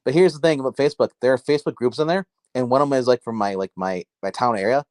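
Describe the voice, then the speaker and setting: A man's voice: mid-range voice, fast, a little mellow, dry recording. Rambling man on a dry home mic. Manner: rambling, self-interrupting, filler-heavy. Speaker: comic book livestream host. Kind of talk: casual livestream chat. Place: dark room at home. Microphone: phone.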